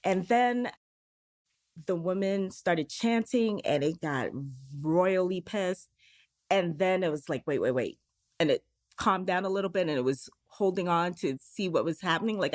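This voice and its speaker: Low-voiced woman telling a candid story. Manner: acts out inner voices in quoted dialogue; candid, uses swearing. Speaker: podcast guest. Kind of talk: personal storytelling.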